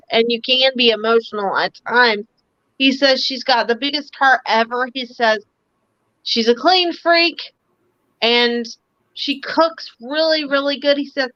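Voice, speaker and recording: A high, bright woman's voice chatting through a psychic reading on a live stream, full of "like" and quick asides. The sound is dry and a bit dull, like lo-fi stream audio. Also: dry recording. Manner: relays spirit messages in a chatty way with many "like" fillers. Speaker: psychic medium and host.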